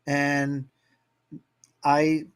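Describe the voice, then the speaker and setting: A man's voice: fairly high pitch, monotone, extremely slow, smooth. A man with an upbeat, motivational manner, telling stories as a guest in a casual interview. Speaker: guest, Disney YouTube creator.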